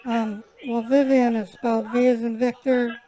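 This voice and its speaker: A woman scambaiter chatting on a live stream and then making a prank call, talkative and quick to laugh. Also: a little high, little pitch movement, crowd noise, poor audio.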